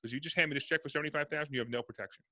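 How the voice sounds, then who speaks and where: A man talks in a casual podcast interview, rattling through stories at a quick clip. His voice has a bright, forceful edge. The sound is dry and close. He acts out both sides of each conversation. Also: fairly high pitch, no echo. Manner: fast, animated storyteller acting out dialogue. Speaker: real estate investor guest.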